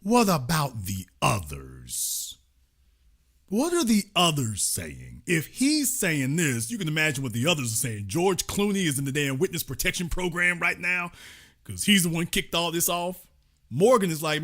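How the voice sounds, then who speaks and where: Man, lively rising-falling pitch, slightly high voice, sarcastic, profane, mocking commentary rant. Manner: sarcastic, mocking, profane, swings between fast bursts and slow emphatic phrases. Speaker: political commentary host. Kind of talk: ranting live-stream commentary.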